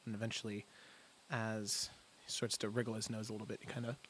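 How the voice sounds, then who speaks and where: A man narrating a tabletop game as game master in slow, descriptive sentences. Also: on the low side, little pitch movement, a bit bright, a little hiss or hum.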